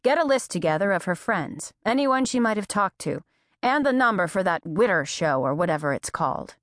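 A woman voicing a formal, stiff middle-aged father who speaks in a flat, brisk way. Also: medium pitch, no echo, clean studio sound, natural voice.

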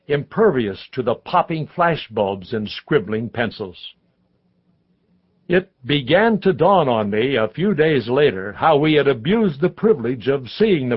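A man reads a memoir aloud in a steady, measured first-person telling. His voice sits in the middle of the male range. The audiobook recording sounds somewhat dull and lo-fi. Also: mid-range voice, breathy edge. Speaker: audiobook narrator. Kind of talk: scripted narration of a memoir.

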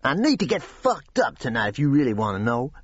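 A man voicing a volatile, crude young man of about nineteen who shouts profanity in drawn-out bursts. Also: medium pitch, big pitch swings, slightly rough, no room sound, muffled recording, pitched above the performer's own voice. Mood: furious.

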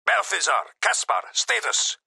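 A man narrating an audiobook voices a gruff, impatient Russian crime boss who barks orders over a radio earbud, with a raspy, gravelly Russian accent. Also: on the high side, animated, normal speed, bright, forceful tone, no room sound, clean studio sound, voice pushed up, full character voice. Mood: impatient demanding. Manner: demanding and impatient.

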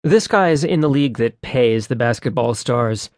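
A man's voice: mid-range voice, lively intonation, moderate pace, darkish tone, no room sound, studio quality, close to an everyday voice. A man voicing a sullen, stubborn male mechanic who answers curtly and snaps. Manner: curt, snappish.

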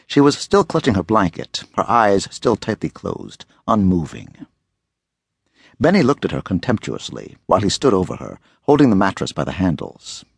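A male audiobook narrator tells a gritty thriller with expressive, dramatic delivery. His voice is gravelly and husky, and it swoops through a wide range. The recording is dry and close. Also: low voice, moderate pace, no echo.

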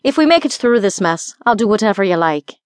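A woman's voice: mid-range voice, very animated, a little fast, clean tone, no room sound, studio quality, lightly acted. A woman voicing a flirty Scottish dragon-shifter bounty hunter in an audiobook, teasing and affectionate, with a Scottish accent. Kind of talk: audiobook character voice.

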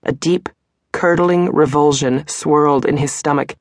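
A woman narrating a romance audiobook in a steady, even storytelling manner. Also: deep voice, unhurried, no room sound. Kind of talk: scripted narration.

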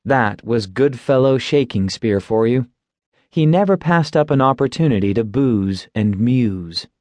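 Unhurried wry male audiobook narrator. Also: mid-range voice, lively intonation, darkish tone, dry recording. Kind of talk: scripted fantasy narration.

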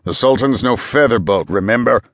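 A man voicing a nervous, gruff male starship captain. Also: medium pitch, normal speed, no echo, clean studio sound, natural voice. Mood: wary.

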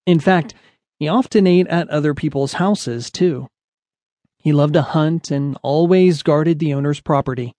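A man narrating a children's picture-book story with a lively, expressive storytelling delivery. His voice sits a little high for a man. The studio recording is close and dead dry. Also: unhurried, no echo. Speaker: audiobook narrator.

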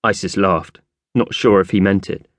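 A man narrating a children's audiobook with expressive storytelling. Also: sits low, moderate pace, dry recording. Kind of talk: scripted narration.

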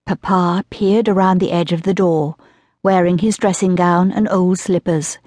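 A woman narrating an audiobook in an even, measured storytelling voice. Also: lowish voice, no room sound, clean studio sound. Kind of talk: scripted narration of a historical romance.

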